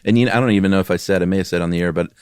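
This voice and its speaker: A man with a very low voice co-hosts a podcast, rambling in a relaxed, self-deprecating way. The sound is dry and close on a studio microphone. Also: very fast, smooth, no room sound. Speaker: podcast co-host. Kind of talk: casual chat.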